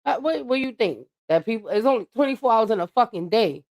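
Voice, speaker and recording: A woman's voice: on the high side, lively intonation, fast, a little mellow. A woman livestreaming a blunt, profane monologue that lectures her viewers. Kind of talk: ranting live-stream monologue.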